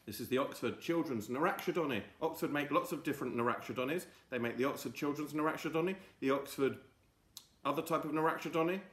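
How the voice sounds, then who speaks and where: A man hosting a silly lesson for children with a mock-grand, drawn-out delivery. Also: fairly high pitch, fairly bright tone, reverberant. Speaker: children's show host. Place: home.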